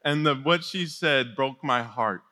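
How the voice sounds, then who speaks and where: A young man leading a youth ministry, telling a personal story to teenagers in an energetic, chatty sermon. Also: mid-range voice, measured pace. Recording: long hall reverb.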